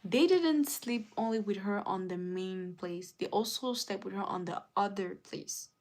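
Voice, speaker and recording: Woman streamer telling a story to chat, mid pitch, rambly, lots of "she's like". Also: measured pace, a little mellow. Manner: rambling retelling, acts out both sides with "she's like". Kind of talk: casual storytelling to a live chat.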